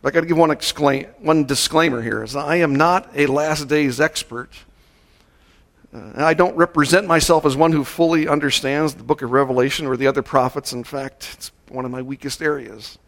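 A male pastor delivering a sermon at a church service, measured and slowing down to stress key words. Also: fairly high pitch, vocal fry, fairly bright tone.

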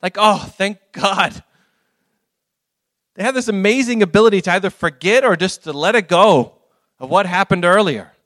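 An earnest man speaking to a church gathering and walking through his slides. He has a fairly high voice and tells his stories in a loose, rambling way, often stopping to restart a thought. The sound is dry and close. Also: normal speed, long pauses, fairly bright tone, no echo. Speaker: ministry speaker.

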